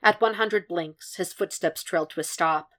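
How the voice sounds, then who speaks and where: A woman with a lowish voice narrates a fan fiction podfic. She reads in a measured, even way, keeping the storytelling steady between the characters' lines. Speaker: podfic reader.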